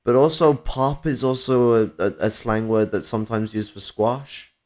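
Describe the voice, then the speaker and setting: A man's voice: medium pitch, normal speed, a little mellow. A man from England, chatting casually and rambling with lots of restarts. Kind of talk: casual chat.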